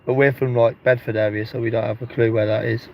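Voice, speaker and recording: A man's voice: medium pitch, flat delivery, fast talker, a little mellow. A man from Northampton, England, chatting casually and joking around as a guest on a live stream. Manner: joking, laid-back. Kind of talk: casual chat. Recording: muffled lo-fi with faint noise.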